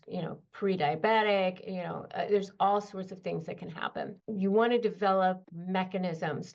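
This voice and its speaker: A woman's voice: on the low side, creaky. A woman host giving earnest, direct advice to her viewers. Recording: dull lo-fi sound.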